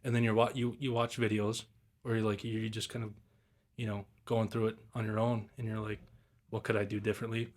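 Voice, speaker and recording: A man's voice: fairly low pitch, little pitch movement, brisk. A young man on a podcast, casually telling turkey hunting stories in a rambling, laid-back way, swearing and mimicking the calls. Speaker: guest turkey hunter.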